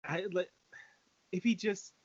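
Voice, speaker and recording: A man's voice: sits high, a little slow, husky, lo-fi sound. A man co-hosting a podcast in casual chat, teasing his co-host and exclaiming with casual swearing.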